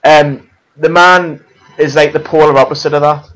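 Opinionated co-host, a touch higher-pitched, grasping for names mid-sentence. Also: male voice, fairly even intonation, normal speed, fairly bright tone, low-quality recording. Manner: emphatic, searches for words. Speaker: podcast co-host. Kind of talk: casual film chat.

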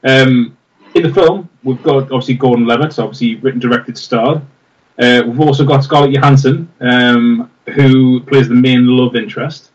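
Chatty host, middle pitch, a bit off-mic with a dull lo-fi sound. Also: male voice, fairly even intonation, normal speed, far from the mic. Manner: enthusiastic, rambling with fillers. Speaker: podcast co-host. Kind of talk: casual film chat.

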